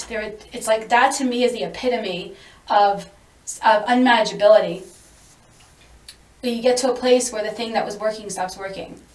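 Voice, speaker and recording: Woman host, fairly high voice, reflective and searching; echoey room, mic far off. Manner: reflective, searching, thinks aloud. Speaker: podcast host. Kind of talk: reflective conversation. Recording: roomy, distant mic.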